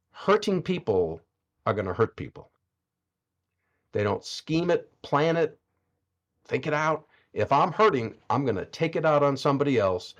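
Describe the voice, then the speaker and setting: Male guest coach, middle pitch, emphatic, pauses for effect. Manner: emphatic, dramatic pauses, asks rhetorical questions. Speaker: podcast guest speaker. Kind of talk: motivational coaching talk.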